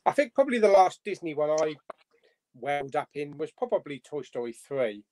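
Lively man with a bouncy voice. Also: fairly high pitch, moderate pace. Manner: lively, reads out chat comments. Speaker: guest. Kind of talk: casual live-stream chat.

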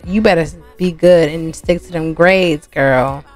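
A woman's voice: low voice, a little slow, faint music behind, voice pushed down. A woman voicing a blunt, scolding teenage brother in a life-sim game story. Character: teen brother, older sibling, scolding but caring.

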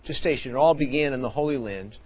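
A man, a priest, hosting a children's quiz show in a TV studio, jokey and animated, sometimes shouting with excitement. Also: mid-range voice, fast, husky. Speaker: priest and game show host. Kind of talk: lively game show hosting. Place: TV studio with audience. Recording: dull lo-fi studio sound.

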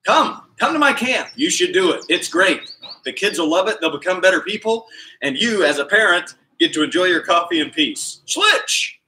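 A man leading a live kids' exercise class, calling out moves in an energetic, upbeat, nonstop patter while exercising along. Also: sits high, a little fast, slight background noise. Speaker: kids' PE coach. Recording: echoey room sound.

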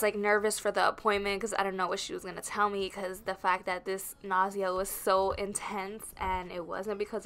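Bright, clear-voiced woman chatting. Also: mid-range voice. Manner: chatty, rambling with frequent fillers. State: pregnant. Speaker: vlogger. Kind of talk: casual voice-over narration.

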